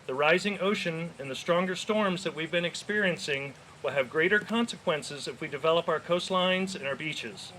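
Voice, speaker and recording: A man's voice: a little high, normal speed, few pauses, sharp tone, slight background noise. A man from Florida, a local business owner, giving an earnest prepared speech at an outdoor park rally.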